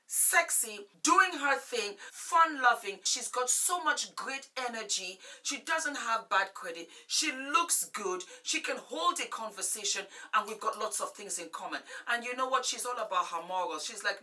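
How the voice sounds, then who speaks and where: A woman's voice: mid-range voice, animated, normal speed, bright, forceful tone. A woman in her forties giving frank, emphatic relationship advice straight to camera as a vlogger, sounding a little distant from the mic. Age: 40s. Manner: emphatic, blunt, preachy.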